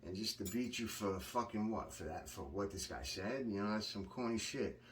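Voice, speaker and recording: A low-voiced man talks bluntly and curses freely as he rambles through a story, doubling back on his words. He sits a little off from the mic, with a faint hiss of noise behind him. It is a loose monologue delivered straight to the camera. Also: animated, normal speed, far from the mic. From Long Island, New York. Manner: blunt, profane, rambling with restarts. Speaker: vlogger recounting prison experiences.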